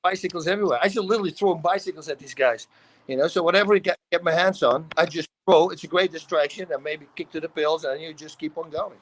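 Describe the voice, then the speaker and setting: A middle-aged man with a Dutch accent, telling animated stories in a casual talk show. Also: a little high, fast talker, rough recording. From Netherlands. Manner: animated storytelling, acts out quotes, laughs often. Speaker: guest. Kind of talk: casual storytelling.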